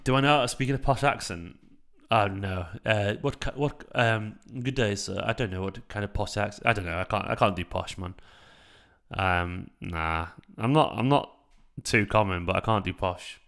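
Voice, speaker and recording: A man's voice: fairly low pitch, moderate pace, a bit bright. A man hosting a live football watchalong, chatting casually, swearing freely and answering viewers' chat messages by name. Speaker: fan channel host.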